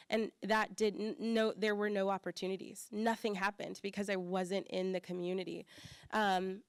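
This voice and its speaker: A young woman with a slight Southern accent giving a chatty conference talk as church staff, full of fillers and lively quoted voices. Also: medium pitch, clear, resonant tone, no room sound, clean studio sound.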